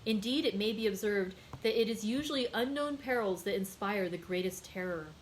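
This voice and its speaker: A woman librarian hosting a daily read-aloud, reading a classic novel in a clear, measured storytelling voice. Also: medium pitch, expressive, a little hiss or hum, rough recording.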